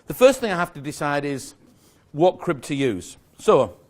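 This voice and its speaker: A man's voice: on the high side, very animated, moderate pace, a little mellow. Chatty man lecturing on magic. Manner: chatty, self-correcting, joking with the audience. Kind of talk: live lecture explaining a routine. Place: lecture room with a live audience.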